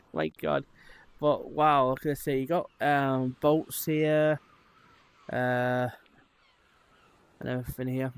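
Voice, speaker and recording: A man's voice: mid-range voice, fairly even intonation, takes it slowly, gravelly, pauses often, clear, resonant tone. A man chatting casually to his viewers while exploring in a VR headset, rambling with lots of fillers. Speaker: streamer. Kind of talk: casual live-stream chat.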